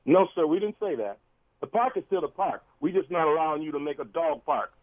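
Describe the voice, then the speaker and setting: A man's voice: a little high, expressive, brisk. A man, a civil rights activist calling in as a radio guest, arguing insistently and repeating his key points. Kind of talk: heated on-air debate. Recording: tinny phone line into a radio studio.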